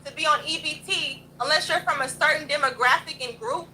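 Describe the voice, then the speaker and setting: A young woman with a high, sharp, bright voice goes off on a livestream rant. She talks bluntly and combatively, swearing freely as she hosts her stream. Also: fairly quick, a little hiss or hum, low-quality recording. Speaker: livestream host.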